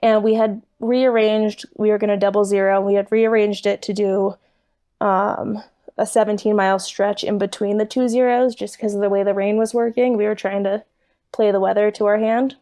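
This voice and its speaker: A young woman, a podcast guest, telling a story in an animated, laughing way. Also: medium pitch, moderate pace. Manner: animated, laughing, quotes others. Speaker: guest, thru-hiker. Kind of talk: casual storytelling.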